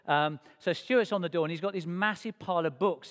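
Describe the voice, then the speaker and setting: A man telling his life story to a church congregation in a lively, self-mocking way, acting out the dialogue. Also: sits high, brisk. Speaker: speaker sharing his testimony to a church congregation. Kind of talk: personal storytelling. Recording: long reverb of a church hall.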